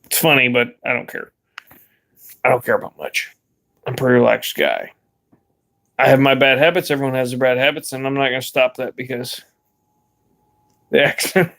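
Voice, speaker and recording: A man's voice: medium pitch, animated, moderate pace, gravelly, long pauses, fairly bright tone. A young man vlogging in a rambling, laid-back way, swearing casually as he chats. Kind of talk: casual vlog chat.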